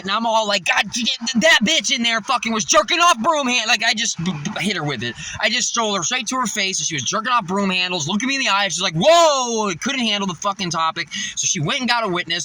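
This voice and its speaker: A young man telling a heated story in a vlog, swearing a lot, with loud outbursts. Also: high-pitched, low-quality recording. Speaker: vlogger. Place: in his car, outdoors traffic nearby.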